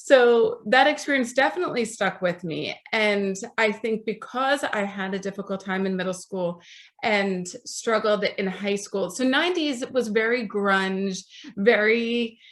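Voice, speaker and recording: A woman in her forties speaks as a guest author in a podcast interview, her voice at a middle pitch. She tells her stories in a chatty way and acts out the voices of people she quotes. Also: unhurried.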